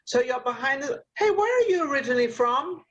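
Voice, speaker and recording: A woman's voice: high voice, expressive, brisk, a bit bright, muffled recording. An older woman hosting a talk show over a video call, giving rambling, motherly advice with lots of fillers. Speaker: host.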